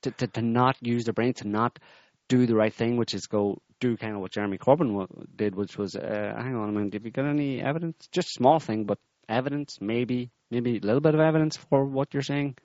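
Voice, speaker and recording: A man's voice: mid-range voice, a little fast, hardly any pauses, darkish tone, no room sound, highs cut off. A man in casual political chat, talking in a sardonic, rambling way with frequent restarts.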